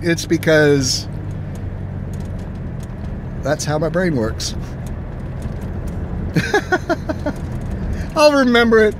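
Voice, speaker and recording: A man chatting casually from his car while driving, telling stories in an animated way and acting out both sides of each exchange. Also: high-pitched, drawn-out words, pauses often. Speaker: gaming vlogger. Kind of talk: casual chat. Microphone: phone camera. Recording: faint road noise inside a moving car. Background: faint car and road noise.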